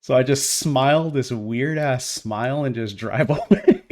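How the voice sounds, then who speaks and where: Profane, animated man telling a story. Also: mid-range voice, a little slow. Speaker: podcast co-host. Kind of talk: casual storytelling chat.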